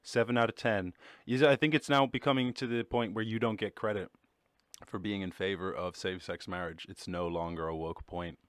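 Low-voiced Irish guy rambling. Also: fairly even intonation, a bit bright, dry recording. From Ireland. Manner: rambling, swearing, self-mocking, quick shifts into mock voices. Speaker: podcast host. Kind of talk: casual solo chat.

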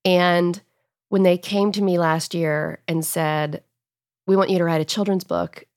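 A woman's voice: lowish voice, fairly even intonation, unhurried, a little mellow, dry recording, clean studio sound. A woman in her thirties, an author guest talking about her book on a podcast, emotional and laughing often. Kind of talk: podcast interview.

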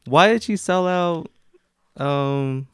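A man's voice: on the high side, takes it slowly, fairly bright tone, smooth, no room sound, clean studio sound. A man chatting casually, laid-back and a little hesitant, calling his friend dude and man. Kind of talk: casual chat.

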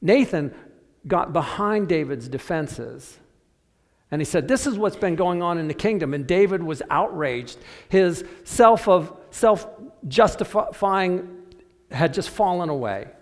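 Animated preacher in a reverberant hall. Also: male voice, a little high, unhurried. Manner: storytelling, acts out voices of biblical figures, dramatic drops to quiet. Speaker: pastor. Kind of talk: sermon.

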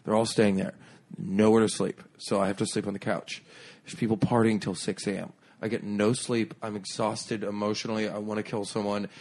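A man guesting on a podcast as a comedian, telling a long story in an animated, profane way and acting out other people's lines. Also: fairly low pitch, a little fast.

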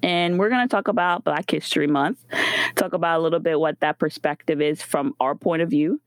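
A woman's voice: sits low, fairly quick, dry recording. A woman co-hosting a podcast, talking through her thoughts with frequent fillers in casual chat. She grew up in the United States. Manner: reflective, thinks aloud with fillers. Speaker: podcast co-host.

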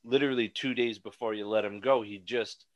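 A man co-hosting a podcast, talking in an animated, rambling way with frequent restarts. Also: lowish voice, brisk, lo-fi sound. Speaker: podcast co-host. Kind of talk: casual chat.

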